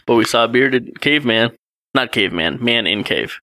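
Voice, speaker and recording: Man, 30s, casual co-host chat, animated storyteller, bright voice, dry sound. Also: medium pitch, normal speed, no echo. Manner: animated storytelling with chuckles, reading passages aloud. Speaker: podcast co-host. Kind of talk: casual chat retelling a gamebook read with his child.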